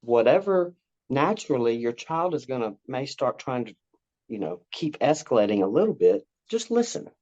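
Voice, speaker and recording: Appearing as a guest, this man rambles casually through a parenting approach, frequently repeating points and voicing both parent and child. His medium-pitched, darkish voice swings widely in pitch at a normal speed. Sound quality is lo-fi and a bit dull.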